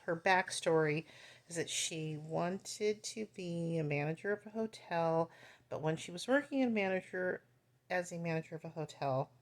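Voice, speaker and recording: A woman reviewing a TV movie in casual chat, rambling and correcting herself as she goes. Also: fairly low pitch. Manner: rambling, chatty, self-correcting.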